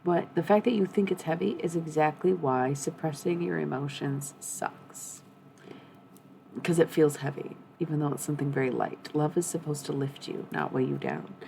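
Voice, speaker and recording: A woman's voice: sits low, animated, moderate pace, vocal fry, dark tone, a little hiss or hum, low-quality recording. A young woman giving a blunt, profane, rambling tarot reading on a live stream.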